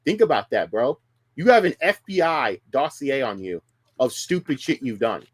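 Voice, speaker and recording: A man's voice: medium pitch, big pitch swings, normal speed, slightly rough, no echo. A man streaming heated casual talk, combative and profane, ranting at rivals on a close, dry mic.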